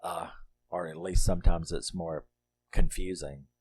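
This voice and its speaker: A man's voice: sits low, measured pace, a little mellow. A middle-aged man reviewing a horror movie in casual, rambling talk, laughing often and swearing freely.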